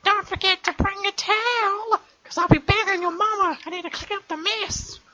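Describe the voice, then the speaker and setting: A woman putting on a squeaky, cartoonish prankster voice with a singsong, mocking delivery, on a dull lo-fi recording. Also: steady tone, normal speed, bright, forceful tone. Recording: dull lo-fi recording with faint noise.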